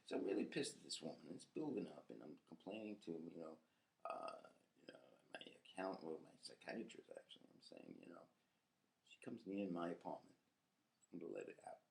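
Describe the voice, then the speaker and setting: A man's voice: deep voice, very animated, moderate pace, creaky, long pauses, darkish tone. A man, hosting a rambling podcast monologue, ranting with profanity and frequent laughter. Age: 50s. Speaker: podcast host.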